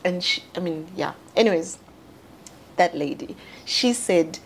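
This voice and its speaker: A woman's voice: expressive, unhurried, slight background noise. Chatty south african woman, laughing often. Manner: candid, laughs often, jumps high when quoting. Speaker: co-host and founder. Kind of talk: casual panel chat.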